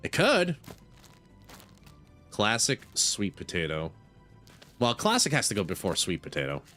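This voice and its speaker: A man's voice: lowish voice, wildly swooping pitch, a little slow, pushed and bright, faint music behind. A man giving casual gameplay commentary with a playful, mock-grumpy manner. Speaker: gaming video creator.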